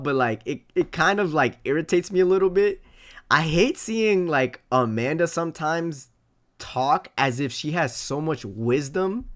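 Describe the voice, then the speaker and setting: A man live-streaming, reading chat comments aloud and reacting in a loose, animated way with plenty of swearing. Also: medium pitch.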